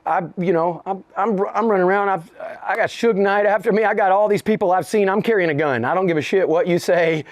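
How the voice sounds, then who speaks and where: Man, middle-aged, interview guest, profane, laughing, animated storyteller, slightly high voice, dry close sound. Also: a little fast, hardly any pauses, dry recording. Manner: profane, laughing, acts out voices in his stories.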